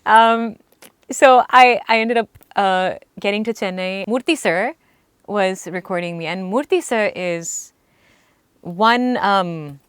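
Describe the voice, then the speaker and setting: A young woman singer recalling a story in earnest, halting speech with frequent restarts. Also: medium pitch, smooth, no room sound, studio quality. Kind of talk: storytelling interview recollection.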